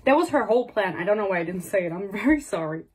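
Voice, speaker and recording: Husky young woman ranting about a book. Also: medium pitch, expressive, fast, a little mellow. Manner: exasperated, sarcastic, swears freely; rambling and digressive. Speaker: book reviewer. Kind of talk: casual book rant.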